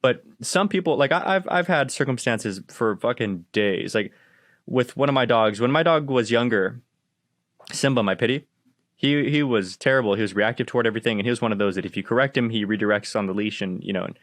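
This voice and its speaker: A man hosting a casual podcast, telling dog-training stories in an animated, profane way and acting out the exchanges. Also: mid-range voice, brisk, no echo, studio quality.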